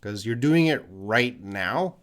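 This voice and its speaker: A man from Canada, an English teacher answering viewers' questions on a live stream, explaining patiently and repeating words slowly for learners. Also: lowish voice, lively intonation, a bit bright.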